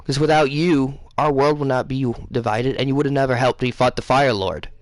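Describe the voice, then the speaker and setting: A man's voice: mid-range voice, fairly even intonation, fairly quick, no room sound, lightly acted. A man voicing a kind, grateful young male hero, close to his own voice. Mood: earnest.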